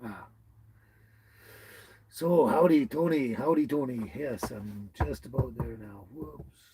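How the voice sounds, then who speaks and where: Speaking slowly in a medium-pitched, mellow voice, this British Columbia man runs a relaxed live stream from his tiny house, dogs close by. He welcomes viewers by name with folksy charm, and the rough audio carries a little hiss or hum.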